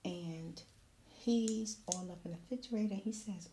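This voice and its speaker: A middle-aged woman telling a story in a soft-spoken ASMR chat, slipping into whispers now and then. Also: mid-range voice, moderate pace. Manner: animated storytelling, drops into whispers. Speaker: ASMR creator. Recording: roomy echo, faint ambient noise.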